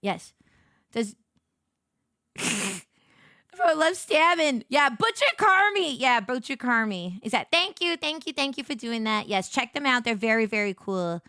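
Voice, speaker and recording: A woman's voice: a little high, lively intonation, a little slow, long pauses, bright, forceful tone, clean tone, no room sound, studio quality. A woman hosting a casual reaction stream, giggly and playful as she chats. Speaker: streamer host.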